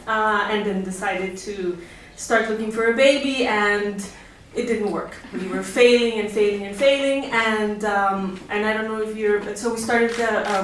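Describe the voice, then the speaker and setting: A woman with a slightly high voice tells a candid, wry story on a live stage. The sound is very roomy and caught from some distance off the mic. An audience is heard clearly, laughing along. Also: fairly bright tone, slight background noise.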